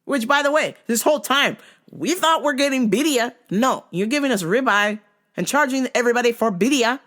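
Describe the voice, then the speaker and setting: A woman's voice: a little high, lively intonation, a little fast, a bit bright. A woman hosting her own show, telling a comedic, profane rant and slipping into mimicked voices. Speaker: vlog host.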